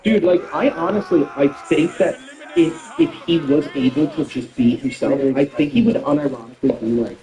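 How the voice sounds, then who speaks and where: A man in casual chat, making quick, sarcastic remarks. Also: a little high, mellow, roomy sound, poor audio.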